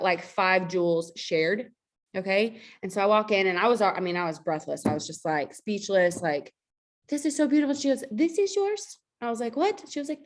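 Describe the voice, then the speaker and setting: A woman who leads a network marketing team, giving a casual motivational talk on a video call in a chatty, emphatic way, full of fillers. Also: fairly low pitch.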